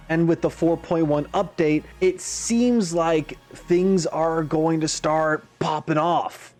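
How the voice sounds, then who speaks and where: A man hosting a game reaction video, talking in an animated, musing way with frequent asides. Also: on the high side. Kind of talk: casual commentary.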